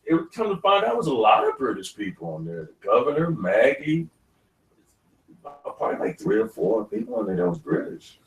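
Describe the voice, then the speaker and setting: Animated male actor telling stories. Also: mid-range voice, a little fast, vocal fry. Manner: animated storyteller, laughs often. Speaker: actor guest. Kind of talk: casual interview talk. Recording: roomy studio, mic at a distance.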